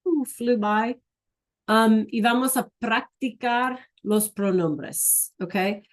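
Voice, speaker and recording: A woman's voice: on the high side, slow pace. A middle-aged woman teaching a Spanish class over a video call, chatty and encouraging, often checking in with "right?".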